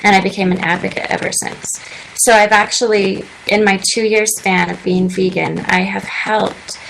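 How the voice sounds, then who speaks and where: A woman's voice: medium pitch, level tone, moderate pace, creaky, a bit bright, a little hiss or hum, poor audio. A woman in her twenties chatting earnestly as a guest on a radio talk show, telling her story at length. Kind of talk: casual interview chat. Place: radio studio.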